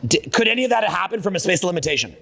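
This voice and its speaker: A man's voice: high-pitched, big pitch swings, very fast, vocal fry, sharp tone, big-room sound, a little hiss or hum. A man giving a live seminar talk, brash and profane, riffing off the cuff. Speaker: seminar speaker. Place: seminar room with an audience.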